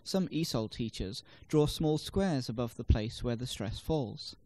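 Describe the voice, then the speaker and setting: A man reading scripted instructional narration for a language lesson, measured and explanatory, demonstrating word stress in example sentences. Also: medium pitch, lively intonation, warm tone.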